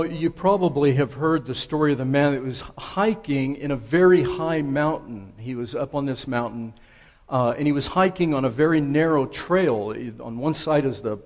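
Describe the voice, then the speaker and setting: A man preaching a sermon, telling stories in a conversational, relaxed way. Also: medium pitch. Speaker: pastor.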